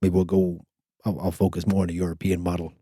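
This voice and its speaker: A man's voice: sits low, flat delivery, fast talker, mellow, slightly rough, no echo, studio quality. An older man hosting a podcast, telling a rambling story with lots of stammered restarts. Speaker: podcast host. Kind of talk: casual storytelling chat.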